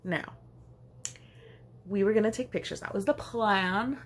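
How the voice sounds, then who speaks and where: A young woman telling a rambling storytime anecdote for her vlog, chatty and quick to laugh. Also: mid-range voice, a little hiss or hum. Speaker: vlogger. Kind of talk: casual storytime.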